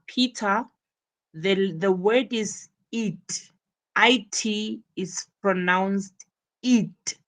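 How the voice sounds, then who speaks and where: A woman gives a live English lesson at an unhurried pace. She repeats herself, spells words letter by letter, and throws herself into lively acted examples. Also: fairly low pitch, poor audio. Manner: acts out examples with bursts of energy. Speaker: English teacher.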